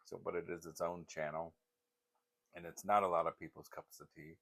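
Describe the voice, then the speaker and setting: An older man hosts his channel, telling rambling, meandering stories full of restarts and laughter. His low voice stays fairly flat in pitch and moves at a fairly quick clip, creaky yet fairly bright in tone.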